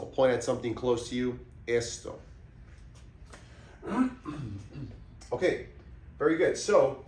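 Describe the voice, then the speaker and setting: Guy teaching spanish sounds super slowly, keeps clearing his throat, echoey room. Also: mid-range voice, far from the mic, slight background noise. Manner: patient, breaks words into syllables and repeats them. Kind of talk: slow pronunciation lesson. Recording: echoey room, voice somewhat off mic.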